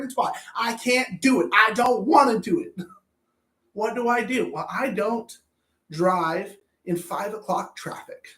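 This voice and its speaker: A man's voice: high voice, fairly bright tone. A man coaching anger management in a blunt, profane self-help talk, often repeating words as he thinks. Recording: roomy echo.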